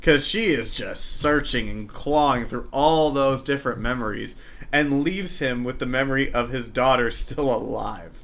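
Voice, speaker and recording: A man co-hosting a casual TV review podcast, animated and quick to joke and quote characters. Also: mid-range voice. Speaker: podcast co-host.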